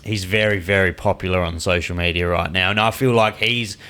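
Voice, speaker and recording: A young man hosting a podcast, asking relaxed questions that ramble a little. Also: low voice, a little fast. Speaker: podcast host. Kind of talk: casual interview.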